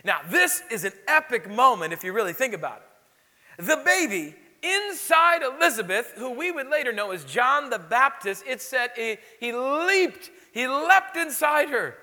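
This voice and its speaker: A man preaching a sermon as pastor, telling stories with animated exclamations. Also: very high voice, moderate pace, in a large hall. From Illinois. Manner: animated storytelling, lively exclamations.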